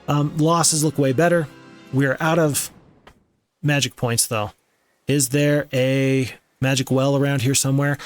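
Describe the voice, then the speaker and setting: Laid-back man narrating a strategy game. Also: medium pitch. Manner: relaxed, rambling, self-amused. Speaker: gaming channel host. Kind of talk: let's play commentary.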